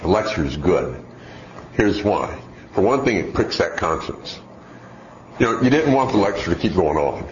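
A middle-aged man preaching a sermon, telling stories and acting out voices in an animated way. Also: low voice, normal speed, long pauses. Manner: animated storytelling with acted-out voices. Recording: dull roomy hall sound, faint noise.

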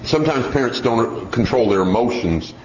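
A man giving a parenting talk, telling a story in a lively way with many asides. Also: mid-range voice, moderate pace, slight background noise. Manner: lively storytelling, lots of "you know". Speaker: parenting speaker. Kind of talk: parenting talk with acted-out scenes. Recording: roomy, slightly dull recording.

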